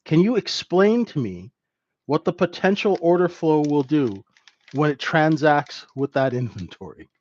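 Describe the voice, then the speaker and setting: Animated man teaching a trading class. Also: fairly high pitch, a little slow, dull audio. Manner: animated, conversational, keeps asking "right?". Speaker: trading instructor.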